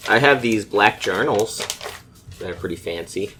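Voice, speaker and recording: A man's voice: lowish voice, expressive, moderate pace, bright, forceful tone, slight background noise. A man playing a tabletop game in casual chat, talking easily between laughs. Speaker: player.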